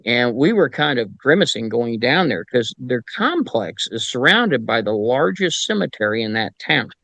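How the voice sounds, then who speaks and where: A man's voice: medium pitch, moderate pace, vocal fry, no room sound. A middle-aged man who investigates the paranormal, telling stories in casual chat and acting out the voices of people he quotes. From Indiana, US. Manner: animated anecdotes, acts out quoted voices; frequent fillers and restarts. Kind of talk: casual storytelling.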